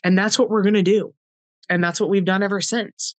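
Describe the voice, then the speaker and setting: A middle-aged woman shares a personal story as a podcast guest, heartfelt and earnest. She keeps slipping into the voices of past conversations. Her voice sits at a medium pitch and sounds close and dry, with no room echo. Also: fairly even intonation, brisk. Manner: retells scenes in quoted dialogue, heartfelt and earnest.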